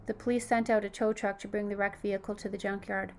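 A woman reading a horror story aloud as narrator, steady and even, lifting her voice slightly for the characters' quoted lines. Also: mid-range voice, quick pace, slight background noise.

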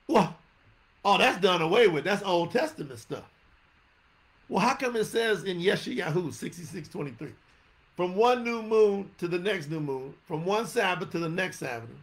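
A man's voice: sits high, fairly bright tone. A man preaching a sermon, talking straight to his listeners with many questions and casual slang.

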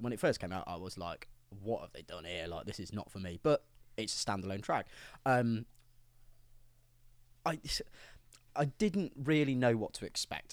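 A man's voice: on the low side, no room sound. A man co-hosting a podcast, talking in a laid-back, dry way and swearing casually. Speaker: podcast co-host.

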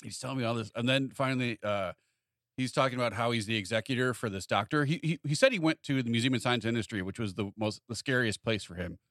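This podcast co-host talks fast at a medium pitch, recorded dry with clean studio sound. He tells a story in casual conversation, animatedly acting out the voices of the people in it.

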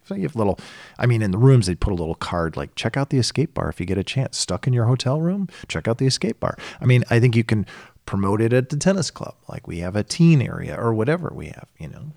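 Guy chatting casually on a podcast, lively, acts out voices, dry mic. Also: lowish voice, gravelly, no room sound. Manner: animated, acts out quoted voices. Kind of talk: casual chat.

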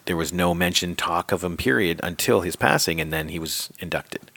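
Male panelist, very low voice, plain factual delivery. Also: normal speed, vocal fry, bright, forceful tone. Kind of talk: casual chat.

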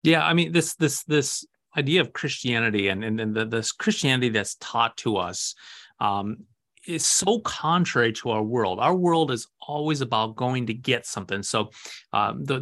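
A man who serves as a Lutheran pastor, talking about faith in an easygoing back-and-forth. He speaks earnestly and with emphasis, often tossing out rhetorical questions. His voice sits at an ordinary middle pitch. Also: fairly bright tone. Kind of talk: casual conversation about faith.

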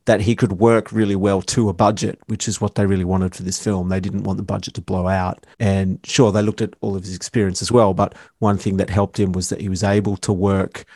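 Measured, lower-voiced male podcast host. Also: little pitch movement, darkish tone, dry recording, clean studio sound. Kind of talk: casual film discussion.

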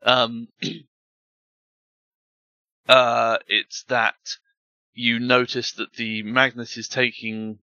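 A man's voice: mid-range voice, flat delivery, extremely slow, pauses often, sharp tone, clean tone, dry recording, muffled recording. A man narrating as game master of a tabletop game, rambling with fillers and restarts.

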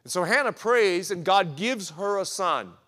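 A man preaching with a high voice that leaps up and down as he tells the story and acts out the quotes. His sermon rings out in a large hall with a long, trailing reverb. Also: animated, unhurried, bright, forceful tone. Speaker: pastor. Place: church hall at a men's breakfast.

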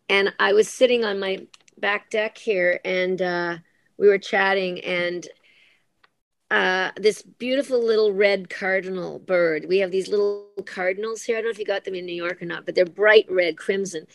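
A woman's voice: medium pitch, vocal fry, no room sound. A middle-aged woman, a former member of parliament, telling personal stories as an interview guest. She speaks earnestly and from the heart, often restarting her sentences and hesitating with fillers. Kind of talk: emotional personal storytelling in conversation.

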